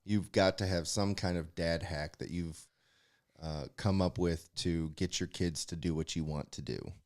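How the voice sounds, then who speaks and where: A man's voice: low voice, fairly even intonation, a little slow, darkish tone. A man co-hosting a podcast in an easygoing, casual chat, laughing often. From Ohio. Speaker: podcast co-host.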